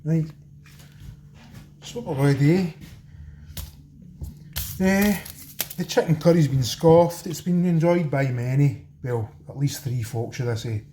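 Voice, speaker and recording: A Scottish man with a fairly high, mellow voice talks his viewers cheekily through a home cooking job. His kitchen gives a roomy echo, with a faint hiss of noise behind him. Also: measured pace, pauses often. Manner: chatty, cheeky, talks straight to viewers as folks. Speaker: home cooking channel host. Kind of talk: casual cooking demo talk.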